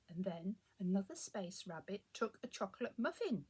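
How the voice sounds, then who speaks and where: A woman reading a children's picture book aloud, expressive and inviting listeners to join in. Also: mid-range voice, normal speed, few pauses, slightly rough. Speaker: storyteller.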